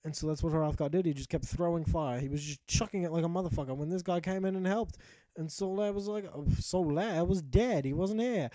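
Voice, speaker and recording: A man's voice: on the high side, brisk, warm tone, no room sound. A man narrating his video game playthrough as a jokey, profane mock-epic tale. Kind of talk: comedic game commentary told as a tale.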